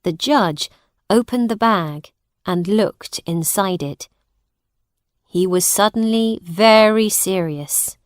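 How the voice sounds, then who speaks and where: A woman narrating a graded-reader audiobook with a very slow, clear reading. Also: medium pitch, dry recording, studio quality.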